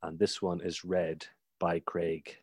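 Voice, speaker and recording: A man hosting a podcast discussion, relaxed and a little self-deprecating. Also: sits low, slow pace, no echo, studio quality. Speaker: podcast host. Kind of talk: casual chat.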